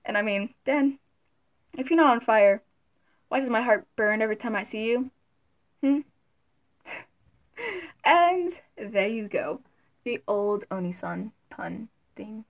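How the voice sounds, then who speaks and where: Young woman vlogger, high voice, unhurried delivery, giggly fan chatter with loud outbursts. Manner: giggly, excitable, bursts of loud mock quotes. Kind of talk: casual fan commentary.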